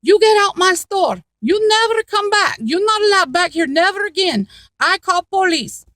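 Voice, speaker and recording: A woman's voice: high-pitched, animated, normal speed, a bit bright, no echo, voice pushed up. A woman voicing a stern male shop clerk who barks clipped, broken-English commands. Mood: angry.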